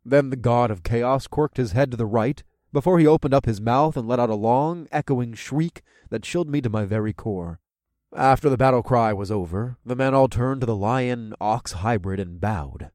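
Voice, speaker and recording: A man reading first-person fantasy narration in an expressive, lively way. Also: medium pitch, normal speed, no echo, clean studio sound. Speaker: audiobook narrator.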